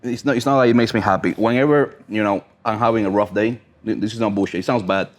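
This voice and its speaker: Blunt, low-voiced man with foreign accent. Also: quick pace. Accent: non-native English accent. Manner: blunt, profane, emphatic storytelling. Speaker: podcast guest, brand ambassador. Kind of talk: casual podcast chat.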